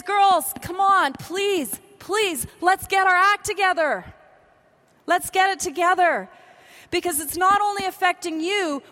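A Canadian woman preaching a sermon to women, with dramatic pauses and drops to a hush on key words. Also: very high-pitched. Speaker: conference speaker.

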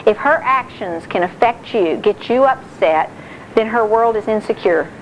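A middle-aged woman giving a sermon-style talk on marriage, animated and acting out quotes. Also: a little high, moderate pace, highs cut off, slight background noise. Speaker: speaker on marriage.

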